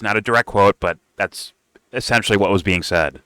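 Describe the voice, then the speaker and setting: Bright-voiced, profane ranting man. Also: fairly low pitch, a little fast, clear, resonant tone, dry recording. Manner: heated, profane and sarcastic. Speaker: political commentator. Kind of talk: casual reaction rant.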